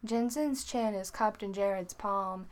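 A woman reading a story aloud in an unhurried, informal way. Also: mid-range voice. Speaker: narrator.

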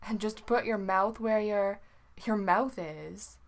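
A woman reading the lines of a flustered, gruff young man in a story, slowly and haltingly. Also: mid-range voice.

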